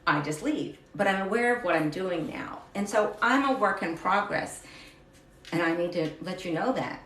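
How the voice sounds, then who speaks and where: A woman's voice: on the low side, expressive, moderate pace, a bit bright. A woman hosting a live stream, talking through a personal testimony in an emotional, confessional way that wanders off track. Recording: roomy echo, slightly distant mic.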